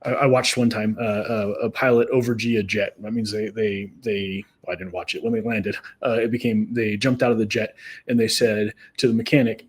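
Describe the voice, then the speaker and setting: Husky-voiced middle-aged man telling stories. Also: on the low side, steady tone, fairly quick. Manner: repeats words as he restarts, tells anecdotes with quoted dialogue. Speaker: podcast host. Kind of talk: conversational storytelling.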